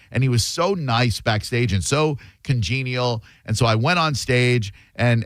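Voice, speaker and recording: Male radio host, storyteller, lively delivery, dry studio sound. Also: fairly low pitch, no room sound. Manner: animated, does voices in his stories.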